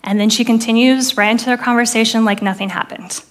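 Woman, 30s, church speaker; earnest testimony storytelling, hushed on quoted prayers. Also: a little high, steady tone, fast talker. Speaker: preacher sharing testimony. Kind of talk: sermon testimony.

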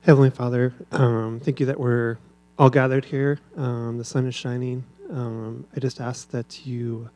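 A man from the congregation leading a spoken prayer in a church, halting, with many filler ums. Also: medium pitch, dark tone.

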